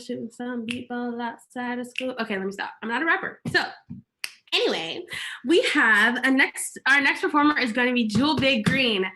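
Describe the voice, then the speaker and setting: Bright, high-voiced woman host. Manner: chatty, gushing, rambling. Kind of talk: casual live-stream hosting.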